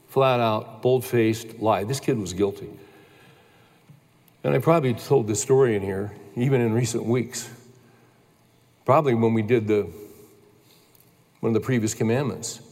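A man in his sixties, a pastor telling a family story in a sermon, with slow emphatic declarations. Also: mid-range voice, darkish tone. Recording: long church-hall reverb.

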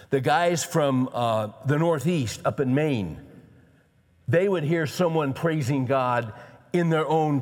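A male pastor preaching a sermon in a conversational way, building to animated emphasis. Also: mid-range voice. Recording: long reverb of a large hall.

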